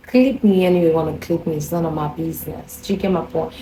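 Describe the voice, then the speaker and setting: A woman's voice: low-pitched, fast talker, dark tone, reverberant, slight background noise, rough recording. A young woman with a Nigerian accent telling a story in a chatty, confiding vlog style, often repeating herself. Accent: Nigerian English. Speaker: vlogger. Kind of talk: casual storytelling to camera.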